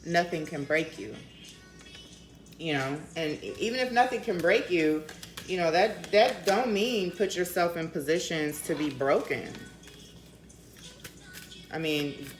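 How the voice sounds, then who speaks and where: A woman's voice: fairly low pitch, expressive, measured pace, echoey room, faint music behind, poor audio. A woman from Denver with a slight Maryland accent, giving a casual tarot reading and chatting loosely with fillers and swearing. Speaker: tarot reader.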